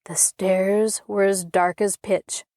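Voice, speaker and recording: A woman hosting and narrating a children's storybook audiobook in an expressive storytelling way. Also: medium pitch, slow pace, dry recording, clean studio sound. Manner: expressive, even storytelling pace.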